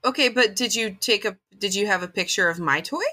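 A woman co-hosting a podcast in casual chat, telling stories in an excitable, rambling way with lots of giggling. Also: mid-range voice, fairly quick. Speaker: podcast co-host.

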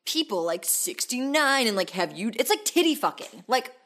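Crude, laughing young woman co-host. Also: normal speed. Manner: crude, animated, laughs often, jumps into high put-on quotes. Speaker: podcast co-host. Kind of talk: casual comedic chat.

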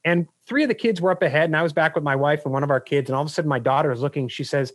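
A man who is a business coach, a guest on a podcast, telling anecdotes in an energetic, animated way. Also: a little high, very fast, few pauses, no room sound. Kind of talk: podcast interview storytelling.

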